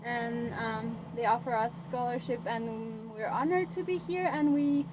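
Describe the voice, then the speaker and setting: A woman's voice: fairly high pitch, measured pace. A young woman hosting a campus radio show, friendly and a little hesitant, with many fillers. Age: young adult. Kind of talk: casual radio interview. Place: college radio studio. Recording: noisy background.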